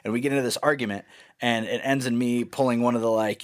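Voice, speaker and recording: A man's voice: mid-range voice, fairly even intonation, fast talker. A man in his thirties telling a story in casual chat, rambling and self-mocking, often laughing at himself.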